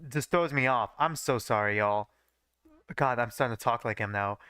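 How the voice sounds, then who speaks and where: A man's voice: mid-range voice, moderate pace, pushed and bright, clean tone, no echo. Young man laughing at his own fanfiction. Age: young adult. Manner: swears casually and laughs at his own writing. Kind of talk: live reading with joking asides.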